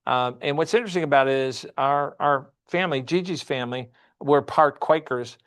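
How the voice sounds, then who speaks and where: A man's voice: medium pitch, moderate pace, fairly bright tone, clear, resonant tone. A man teaching a church Sunday class, often asking the class questions and repeating himself.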